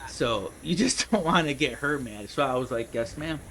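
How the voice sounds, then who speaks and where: A man's voice: mid-range voice, animated, moderate pace, a bit bright, a little hiss or hum, low-quality recording. Rambling, laughing man telling stories. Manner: rambling, laughs a lot, says dude and man. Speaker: gaming streamer. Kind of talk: casual storytelling while gaming.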